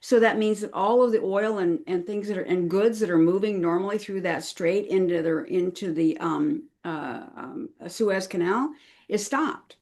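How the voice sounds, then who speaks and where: A woman guest on a podcast interview, explaining things in an earnest, chatty way. She talks in a relaxed conversational flow, full of fillers and small restarts. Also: mid-range voice, normal speed, vocal fry. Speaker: crisis management consultant, podcast guest.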